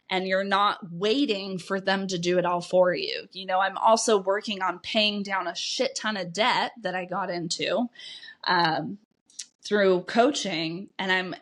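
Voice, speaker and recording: A woman's voice: mid-range voice, fairly bright tone. A woman life coach hosting her own podcast, talking candidly and informally, swearing freely and dropping lots of "like" and "right?" asides. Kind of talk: candid solo podcast monologue.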